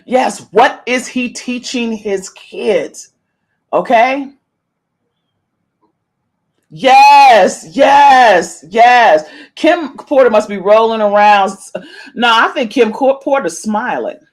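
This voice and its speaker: A middle-aged woman hosting a podcast, giving chatty, animated celebrity gossip commentary and playfully meowing her catchphrase. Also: a little high, slow. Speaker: podcast host.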